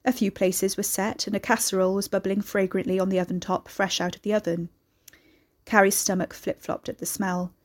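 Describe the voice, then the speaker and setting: Woman, narrator, scripted story reading, steady, measured. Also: mid-range voice.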